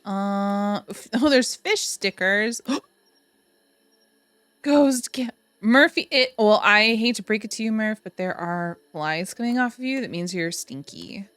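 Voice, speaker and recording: A woman's voice: mid-range voice, unhurried, fairly bright tone, clean tone, dry recording. A young woman streaming a game, chatting casually, cooing and doting with giggles and sudden gasps. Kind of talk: casual live-stream commentary.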